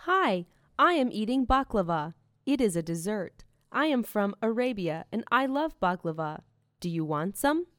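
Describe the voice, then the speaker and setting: A woman's voice: medium pitch, sing-song, normal speed, fairly bright tone, no echo, clean studio sound. A woman voicing friendly girls from Arabia, Italy and Russia, explaining simply in a scripted language-lesson dialogue.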